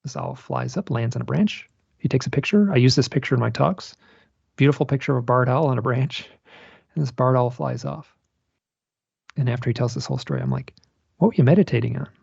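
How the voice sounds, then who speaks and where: Gravelly, husky man telling rambling stories. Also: medium pitch, brisk, no room sound, highs cut off. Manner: rambling, animated storyteller with many restarts. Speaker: guest author and researcher. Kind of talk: casual storytelling interview.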